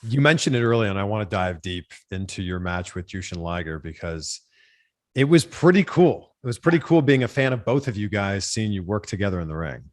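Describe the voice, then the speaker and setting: Low-voiced interview host, man. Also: expressive. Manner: brief affirmations and laughs, asks measured questions. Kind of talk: interview questions.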